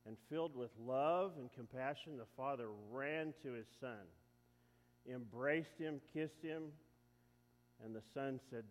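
A man's voice: mid-range voice, measured pace. Guy preaching a story, jokey, talks to the crowd, echoey hall. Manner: lively, jokey, talks to the audience. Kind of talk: sermon storytelling.

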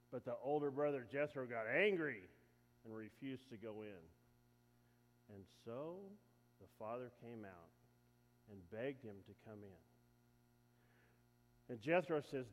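A man preaching, retelling a story in a lively, joking way and talking to the audience. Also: mid-range voice, measured pace, long pauses. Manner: lively, jokey, talks to the audience. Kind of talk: sermon storytelling. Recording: echoey hall.

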